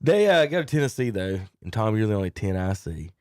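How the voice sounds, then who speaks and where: A man's voice: fairly low pitch, big pitch swings, brisk, darkish tone, dry recording, studio quality. A man hosting a casual sports talk show, joking and laughing as he runs through picks. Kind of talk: casual sports radio banter.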